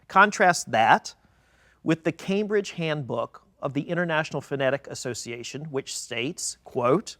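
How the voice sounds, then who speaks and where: A man moderates a roundtable in a dry, close studio sound. His voice sits somewhat high, and he speaks in a deliberate, scripted way, setting out quoted passages with care. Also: lively intonation, sharp tone, no room sound. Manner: clear, deliberate, reading quotes with emphasis. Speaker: moderator and researcher. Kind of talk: scripted moderation with read quotations. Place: video studio.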